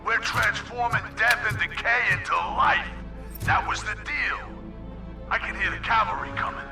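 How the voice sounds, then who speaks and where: An actor voicing a threatening, self-righteous gang leader in a video game. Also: male voice, sits high, moderate pace, vocal fry. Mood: menacing. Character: menacing gang leader, male, scheming. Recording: echoey, off-mic game audio. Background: game music.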